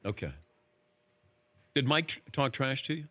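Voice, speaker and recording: A man hosting a casual interview, firing quick questions and laughing often. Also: medium pitch, lively intonation, pushed and bright. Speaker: host.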